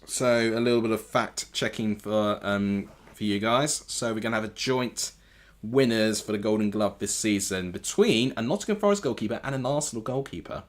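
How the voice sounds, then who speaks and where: A man with a fairly low voice, talking at normal speed, reacts to a football match during a live watchalong stream from his home TV room, often correcting himself aloud as he goes.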